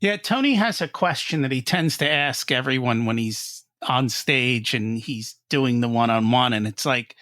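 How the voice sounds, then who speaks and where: Man, podcast host, bright voice, medium pitch, curious, conversational, dry close sound. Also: moderate pace, hardly any pauses, no room sound. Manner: curious and conversational, muses aloud. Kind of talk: interview questions and casual commentary.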